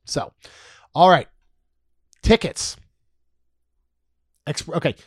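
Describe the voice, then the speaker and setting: A man's voice: fairly high pitch, sing-song, very slow, husky, no room sound, studio quality. A man co-hosting a podcast in casual chat, reading out prices with jokey asides. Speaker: podcast co-host. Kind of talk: casual podcast chat about theme park costs.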